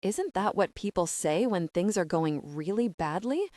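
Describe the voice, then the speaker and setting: A woman narrating a romantic comedy audiobook in the first person with a steady, measured reading. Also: on the low side, no echo, clean studio sound.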